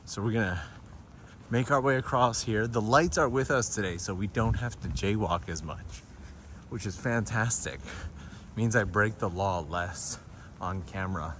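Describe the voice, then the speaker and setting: A man's voice: lowish voice, measured pace, a little hiss or hum. Chatty man walking city streets. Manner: chatty, animated storyteller. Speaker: vlogger hosting a live stream. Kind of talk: casual live-stream walking tour. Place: outdoors on city streets at night.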